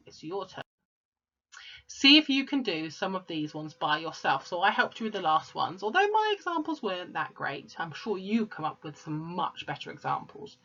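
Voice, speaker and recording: A woman teaching at home, explaining slowly and patiently to young children. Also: fairly low pitch, bright, forceful tone, lo-fi sound. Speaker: primary school teacher. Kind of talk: recorded home-learning lesson.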